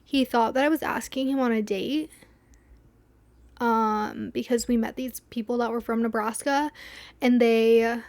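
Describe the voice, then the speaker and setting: A young woman with a slightly high voice tells a story to the mic in casual solo talk. She rambles and acts out her own asides. The sound is dry and close, with no room around her. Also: measured pace, no room sound. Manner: rambling, animated retelling with quoted asides. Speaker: podcast host.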